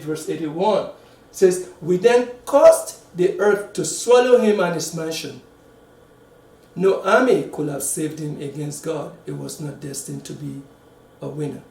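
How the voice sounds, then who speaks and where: A man giving a sermon, halting and repeating words, dropping to a quiet voice to stress a point. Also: high-pitched. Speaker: preacher. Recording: echoey room, mic at a distance.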